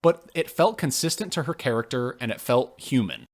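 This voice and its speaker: A man co-hosting a podcast, chatting casually and ranting with swearing and sudden jumps in pitch. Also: moderate pace. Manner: animated, profane ranting with big pitch jumps. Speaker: podcast co-host. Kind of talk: casual podcast review chat.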